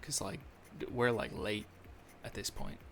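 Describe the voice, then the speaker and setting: A man's voice: lowish voice, fairly even intonation, unhurried, gravelly, a bit bright. Rambling young man streaming. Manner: rambling, self-deprecating, filler-heavy. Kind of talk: casual live-stream chat. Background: faint music.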